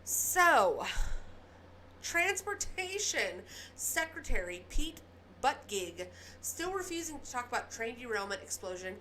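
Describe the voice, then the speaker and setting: A woman's voice: a little high, sing-song, a little slow, bright, forceful tone, a little hiss or hum. A woman hosting casual political commentary, talking straight to her viewers in an emphatic, profane rant.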